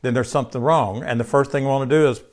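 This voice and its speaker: A man's voice: mid-range voice, steady tone, fast. Guy preaching a sermon, talks like a conversation, keeps asking the crowd stuff and repeating himself. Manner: conversational, asks the congregation questions and repeats key phrases. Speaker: pastor.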